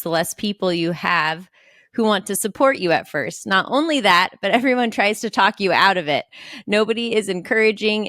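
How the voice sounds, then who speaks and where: A woman's voice: on the low side, no echo. Encouraging woman host, dry sound. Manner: warmly encouraging, reads quotes aloud. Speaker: podcast host. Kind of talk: interview.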